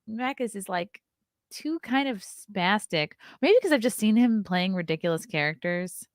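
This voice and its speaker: A woman's voice: mid-range voice, lively intonation, normal speed, no echo, studio quality. A woman, hosting a casual live stream, chatty and riffing, laughing often. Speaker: host.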